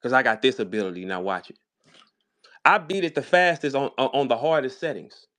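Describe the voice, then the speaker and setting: A man's voice: mid-range voice, animated, fairly quick, fairly bright tone. A man with a St. Louis accent, a battle rapper talking casually in a live audio room, boastful, profane and preachy. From St. Louis, USA.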